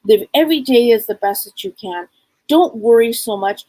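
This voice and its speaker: A woman psychic medium on a live show, passing on messages in a halting, repetitive way and speaking them in the first person. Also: on the high side, animated, a little mellow, no echo, poor audio.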